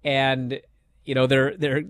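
A man co-hosting a casual podcast, ranting in an animated, exasperated way and mocking lines by reading them aloud. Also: fairly high pitch, a little slow. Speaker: podcast co-host. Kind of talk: casual wrestling discussion.

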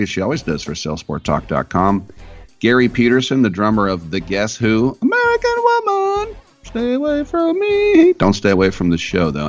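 A man hosting a live sports talk radio show with a jokey, rambling manner and a groggy morning voice. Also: deep voice. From San Francisco Bay Area. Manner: jokey, rambling, self-mocking.

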